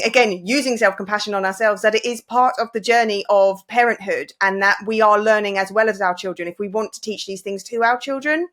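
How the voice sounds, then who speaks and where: A woman's voice: a little high, a bit bright. A woman who hosts a parenting podcast, talking in a reflective, affirming way. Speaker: podcast host. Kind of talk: casual podcast conversation.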